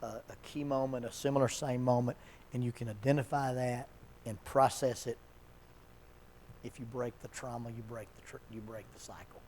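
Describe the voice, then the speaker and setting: A man leading an addiction seminar at a church, talking in a relaxed, conversational way, telling stories and chuckling often. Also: medium pitch, normal speed, slight background noise. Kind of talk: casual seminar talk.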